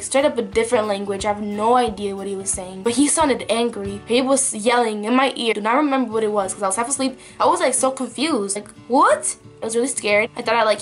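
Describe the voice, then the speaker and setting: Chatty young woman vlogger, slightly high. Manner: chatty, lots of likes and ums. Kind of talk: casual story time.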